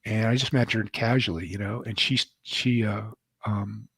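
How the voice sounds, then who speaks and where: An older man, an author and guest, telling a personal story in an interview, halting and emotional. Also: lowish voice, fairly even intonation, gravelly, fairly bright tone, breathy edge, no echo. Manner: halting, emotional, many restarts.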